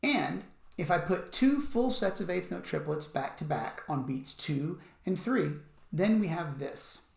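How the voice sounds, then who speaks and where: Guy teaching rhythm real slow, gravelly voice, echoey room, counts out loud. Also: a little high, animated. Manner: patient, methodical, counts beats out loud. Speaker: music teacher. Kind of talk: instructional explanation with counting aloud.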